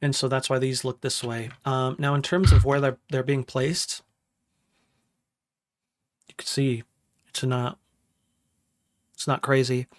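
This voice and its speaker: A man's voice: medium pitch, level tone, a little slow, long pauses. A man explaining his music session in a casual live-stream walkthrough, greeting chat and humming parts aloud in a home studio. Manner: talks while working, hums riffs aloud, greets chat.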